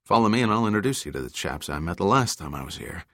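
A man's voice: low voice, very animated, quick pace, fairly bright tone, no echo, exaggerated voice. A man voicing a confident male adventurer in an audiobook, speaking with dry, understated humor. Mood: wry.

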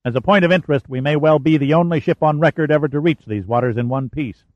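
A man's voice: a little high, fast, no echo, highs cut off, pitched above the performer's own voice, natural voice. A man voicing an authoritative male ship's commander who gives clipped orders. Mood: commanding.

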